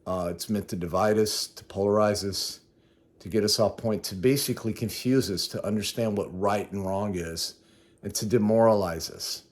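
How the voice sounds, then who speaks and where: A man's voice: on the low side, steady tone, normal speed. A man vlogging a casual spoken recap of his day, rambling and correcting himself as he goes. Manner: conversational, rambling, self-correcting. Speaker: travel vlogger.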